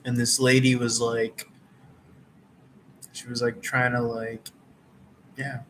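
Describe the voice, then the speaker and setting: Laid-back, monotone man rambling by a campfire. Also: mid-range voice, slow, slight background noise, poor audio. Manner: laid-back, meandering, many fillers. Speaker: tarot reader. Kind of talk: casual rambling chat. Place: outdoors around a campfire.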